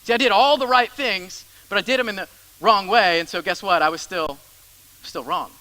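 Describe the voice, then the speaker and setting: A young adult man preaching a sermon as pastor, emphatic, repeating phrases and dropping into soft asides. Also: sits high, normal speed, poor audio.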